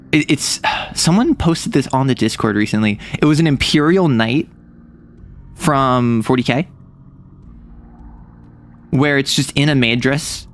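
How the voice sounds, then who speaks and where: A young man from the United States streaming a casual chat, rambling and joking, often cutting himself off mid-thought. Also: on the high side. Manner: rambling, jokey, self-interrupting.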